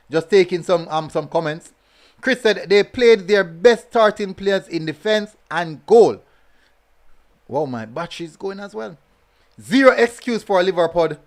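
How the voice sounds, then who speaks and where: A man hosting a casual football review stream, reading chat comments and talking in a chatty way, full of fillers and repeated phrases. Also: sits high.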